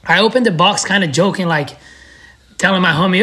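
Bright-voiced Brazilian man telling stories. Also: high voice, brisk, breathy edge. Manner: animated, slangy, laughs often. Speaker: guest skateboarder. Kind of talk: casual podcast storytelling.

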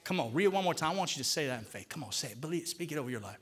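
Very fast and rather high, with a breathy edge, this male pastor preaches a call-and-response sermon in church. He animatedly pushes the congregation to repeat scripture after him.

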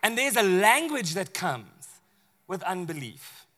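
A male pastor delivers a sermon with a high, bright voice. He talks to the congregation conversationally and animatedly, often acting out the people in his story. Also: unhurried. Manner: conversational and animated, with acted asides.

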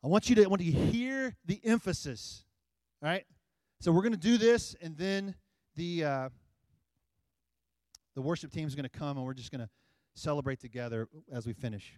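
A man's voice: on the high side, moderate pace, a little mellow, dry recording. A man preaching a sermon in church, talking casually with the congregation and building up to emphatic scripture reading. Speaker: pastor. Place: church sanctuary.

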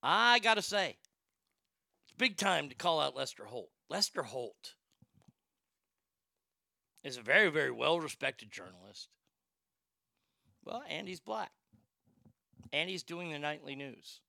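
Guy hosting a talk show, blunt and sweary, rambles a lot, highish raspy voice, dry close sound. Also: sing-song, unhurried, long pauses, bright, forceful tone, no echo. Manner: blunt, profane, rambling with restarts. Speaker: podcast host. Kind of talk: casual opinionated chat.

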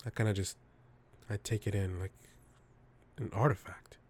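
A man's voice: on the low side, little pitch movement, fairly quick, darkish tone. A man playing a tabletop game, narrating his character's actions in a casual, rambling way with many fillers. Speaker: player.

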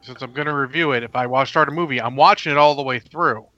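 A man's voice: medium pitch, fast, sharp tone, muffled recording. A man hosting a casual movie review chat, talking in a rambling, opinionated way. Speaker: movie review podcast host.

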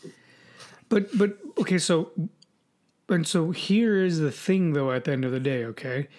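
A man's voice: a little high, moderate pace, a little mellow. A man co-hosting a podcast, chatting casually about politics in a rambling, mocking way, repeating words and swearing. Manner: profane, mocking. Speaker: podcast co-host.

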